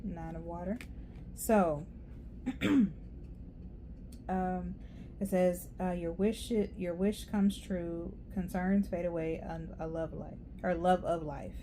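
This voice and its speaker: A woman's voice: fairly low pitch, steady tone, slow pace, pauses often, warm tone, slight background noise. Rambling, chatty woman reading tarot. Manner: rambling, chatty, laughs often. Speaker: tarot reader.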